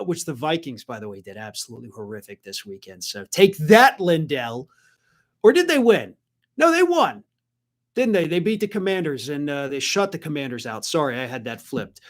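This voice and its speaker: A man hosting a political commentary livestream, talking conversationally and reading out viewer comments. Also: a little high. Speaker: host.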